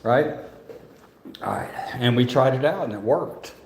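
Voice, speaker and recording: This vlogger's mid-range voice is lively yet a little slow and creaky, with slight hiss or hum on the recording. He wanders the museum halls with a handheld phone, rambling, joking and laughing a lot as the rooms echo around him amid faint ambience.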